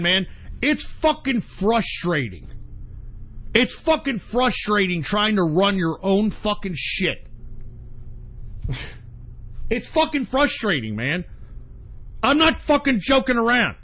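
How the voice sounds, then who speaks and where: A man's voice: high voice, highs cut off. A man hosting an internet radio show, venting in an exasperated, profane rant with sudden outbursts. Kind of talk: angry solo on-air rant.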